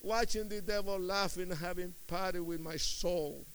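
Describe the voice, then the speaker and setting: Gravelly impassioned preacher man. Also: high voice, fairly even intonation, moderate pace. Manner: impassioned, swinging from hushed to shouting. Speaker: preacher giving testimony. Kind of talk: sermon testimony.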